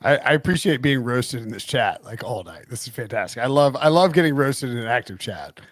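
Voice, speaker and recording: A man hosting a live sports betting stream, talking in a rambling, animated way and often cutting himself off. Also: mid-range voice, a little fast, no room sound, clean studio sound. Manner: rambling, animated, self-interrupting. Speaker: host.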